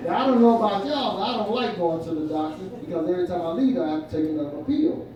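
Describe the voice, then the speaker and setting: Older male comic, folksy stand-up storyteller, fairly high voice, echoey far-off room with crowd laughter. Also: animated, fast talker, highs cut off. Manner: folksy, laughs at own punchlines. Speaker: stand-up comedian. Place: winery event room with live audience.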